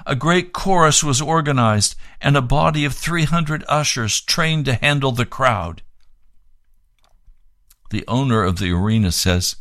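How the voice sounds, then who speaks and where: A man's voice: mid-range voice, fairly bright tone, dry recording, clean studio sound. A man preaching on the radio, reading aloud from a book and making fervent, pleading appeals for donations.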